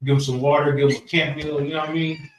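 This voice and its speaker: A man's voice: on the high side, flat delivery, fast. Man preaching to a class in an echoey room. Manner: casual, repeats phrases, asks the room for agreement. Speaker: class leader. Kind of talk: preaching-style group lesson. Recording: echoey room, mic far off, faint noise.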